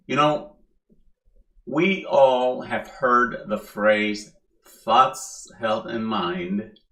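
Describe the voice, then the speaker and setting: Middle-aged male minister, slow relaxed sermon delivery with repeated emphasis, roomy hall sound. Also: medium pitch. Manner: relaxed, joking, with emphatic repetition. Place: church hall. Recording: echoey hall.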